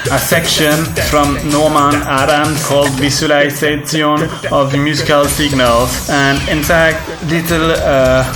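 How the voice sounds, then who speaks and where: Rambling man lecturing over loud music. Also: fairly high pitch. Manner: meandering, repetitive, deliberately halting. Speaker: composer giving an audio lesson. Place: large music venue. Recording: echoey room with loud music.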